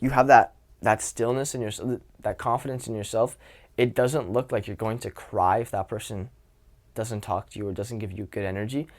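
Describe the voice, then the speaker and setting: A young man coaching social skills in a casual, expressive way, swearing freely. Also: mid-range voice.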